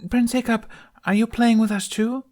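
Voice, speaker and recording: Shrill eager little village kids. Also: male voice, level tone, moderate pace, darkish tone. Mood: eager pleading. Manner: high eager clamoring. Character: excited young village children, pleading.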